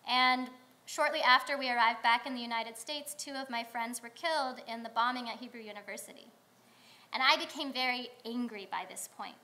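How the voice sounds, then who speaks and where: A woman rabbi delivering a sermon in a synagogue, telling stories in a conversational way with pauses. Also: on the high side, pushed and bright. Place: synagogue sanctuary.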